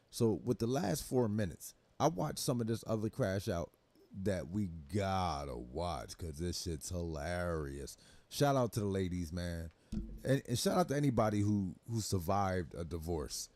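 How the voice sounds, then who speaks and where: A man's voice: deep voice, sing-song, moderate pace, darkish tone, no room sound. A young man hosting a livestream, reacting to clips in loose, laughing talk full of swearing. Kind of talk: casual profane reaction commentary.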